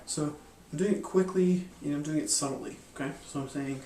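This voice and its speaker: A magic and hypnosis instructor casually explains a mind-reading card technique, rambling with plenty of fillers and restarts. His voice sits on the high side with a dark tone at normal speed, recorded far from the mic in a roomy space with slight background noise.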